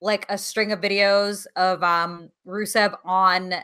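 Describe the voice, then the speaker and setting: A woman's voice: mid-range voice, flat delivery, slow pace, bright, forceful tone, clean tone. A woman co-hosting a podcast, chatting casually and animatedly, swearing and laughing easily. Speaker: podcast co-host. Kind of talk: casual chat.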